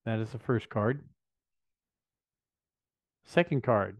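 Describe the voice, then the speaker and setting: A man's voice: mid-range voice, unhurried, a little mellow, no room sound. A man in his fifties hosting a casual unboxing video, chatting enthusiastically and thinking aloud as he goes. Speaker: vlog host. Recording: dry, slightly dull lo-fi sound.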